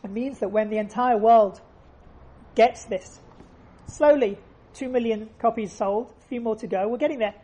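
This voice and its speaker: A woman's voice: on the high side, normal speed, mellow, husky. A woman giving an earnest faith lesson, telling stories and repeating phrases for emphasis. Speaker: religious teacher.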